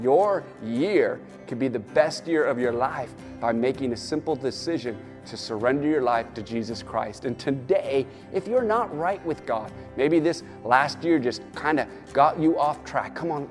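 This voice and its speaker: A male pastor preaches a sermon to an online audience from a church or studio, stirring his listeners and urging them on with a repeated "come on." His voice is medium-pitched, with a long reverb tail.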